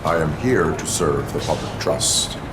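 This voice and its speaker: A man's voice: a bass voice, measured pace, over music. An actor playing a stern male cyborg police officer, speaking in a clipped, formal, emotionless way. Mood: flat.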